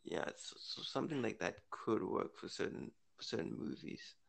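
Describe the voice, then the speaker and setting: A man's voice: on the low side, expressive, normal speed, gravelly. A man co-hosting a casual podcast chat, musing aloud, correcting himself and laughing easily. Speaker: podcast co-host.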